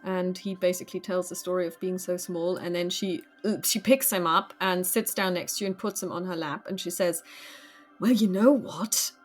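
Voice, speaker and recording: A woman's voice: lowish voice, a little fast, few pauses, faint music behind. Woman narrating a tabletop game. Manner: relaxed, hesitant storytelling with fillers. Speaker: game master. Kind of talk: narrating a tabletop role-play.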